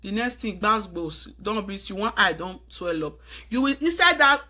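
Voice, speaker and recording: A woman's voice: mid-range voice, lively intonation, normal speed, bright, forceful tone. Earnest Nigerian woman giving advice. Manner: urgent, preachy, mixes in pidgin phrases. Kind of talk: earnest advice monologue to camera.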